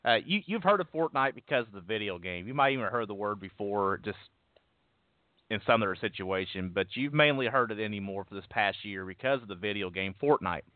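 A man hosting sports talk, with a lowish voice and a stumbling, restarting way of getting his points out. The sound is thin and phone-like, dry and close. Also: lively intonation, brisk, no room sound. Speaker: sports talk show host. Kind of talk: casual sports radio talk.

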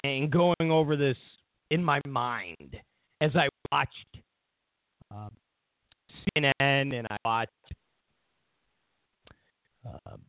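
A man's voice: a little high, no room sound. A man hosting a political talk show, ranting bluntly and with profanity, mocking his opponents. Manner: blunt, profane, mocks opponents in whiny voices. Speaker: political commentary host. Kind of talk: ranting opinion monologue. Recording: tinny phone-like audio.

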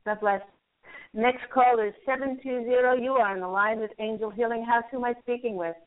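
A woman hosting a call-in radio show, passing on angel messages and card readings with gentle, repetitive reassurance. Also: on the high side, steady tone, brisk. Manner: repeats messages she says she hears, gentle reassuring advice. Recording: lo-fi phone-line audio.

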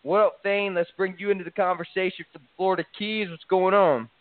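Confident sports host on a tinny line. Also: male voice, high voice, fairly even intonation, brisk, no room sound. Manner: confident, salesy, hyping his picks. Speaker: sports talk show host. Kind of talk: sports radio banter. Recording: tinny phone-like line, dry.

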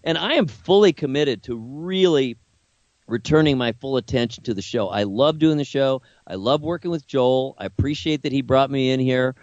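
An older man co-hosting a late-night radio talk show, earnest and reflective as he talks openly about his family. His voice sits at an ordinary pitch and comes through a little muffled, with a dry, close sound and no room around it. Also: normal speed, a little mellow, no room sound. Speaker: co-host.

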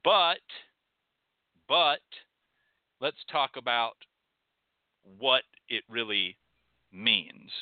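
A man's voice: medium pitch, animated, very slow, long pauses, no room sound. A man hosting a show, delivering an emphatic, profane monologue lecture that repeats phrases for stress. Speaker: host. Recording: tinny phone-like dry sound.

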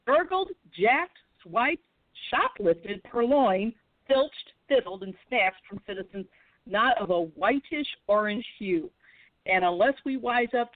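Woman radio interviewer, reads quotes, halting fillers; dry, phone-thin sound. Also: medium pitch, dry recording. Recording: dry, tinny phone line.

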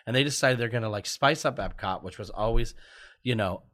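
A man's voice: medium pitch, a little fast, a bit bright. A man, a guest, telling casual stories, chatty and self-deprecating, laughing often. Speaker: guest, TV writer. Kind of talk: casual storytelling.

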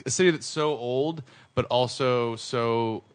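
A man's voice: mid-range voice, a little slow, smooth. A man in casual podcast chat who tells his stories with real energy. He slips into the voices of the people he met and keeps the talk moving and loose. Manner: animated storyteller, acts out quoted voices. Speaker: podcast co-host.

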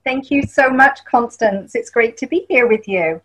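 A woman's voice: on the high side, moderate pace, a bit bright, breathy edge, poor audio. A woman in her fifties with an English accent, telling her story candidly as a guest on a radio interview. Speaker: guest, wellness author.

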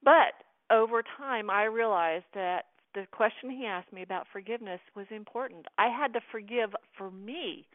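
A woman's voice: medium pitch, moderate pace, hardly any pauses, no room sound. A middle-aged American woman telling a personal story as an interview guest, earnestly acting out the dialogue she quotes. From United States. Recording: tinny phone line.

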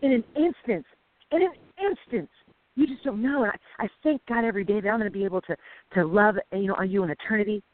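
Fast, excitable woman on a tinny line. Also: medium pitch, no echo. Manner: excitable, emphatic, exhorting listeners. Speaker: co-host. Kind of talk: casual faith podcast chat. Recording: tinny phone-like sound.

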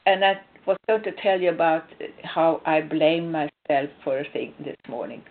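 A woman from Sweden, a spiritual coach, giving casual relationship advice through personal stories, emphatic with hesitant restarts. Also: deep voice. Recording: tinny phone-like sound.

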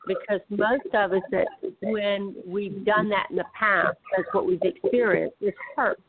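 A woman's voice: medium pitch, fairly even intonation, a little slow. Chatty, teasing woman radio guest, phone-line audio. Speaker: guest author. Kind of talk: casual radio chat. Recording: tinny phone-line sound.

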